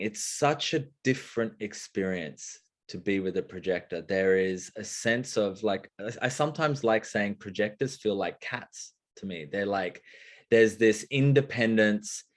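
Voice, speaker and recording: Guest, man, low voice, lively storyteller who acts out quoted bits. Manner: expressive, acts out little quoted exchanges. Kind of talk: casual conversation.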